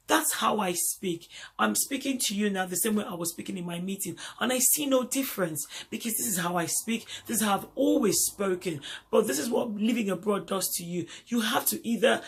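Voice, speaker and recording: Nigerian guy vlogging, husky kinda raspy voice, keeps repeating himself for emphasis. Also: sits high, a little fast, few pauses. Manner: emphatic, repeats points for stress. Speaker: vlogger host. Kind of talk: casual monologue.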